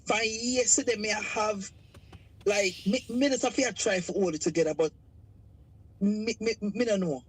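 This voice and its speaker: Husky Jamaican woman calling in. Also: medium pitch, rough recording. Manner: emotional, halting, stuttering. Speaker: caller. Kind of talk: call-in testimony.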